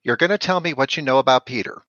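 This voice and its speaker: A man in a tabletop game, pushing and threatening as his character. His voice is bright and edged, with a dry, slightly dull recording. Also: medium pitch, fast, no room sound. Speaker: player.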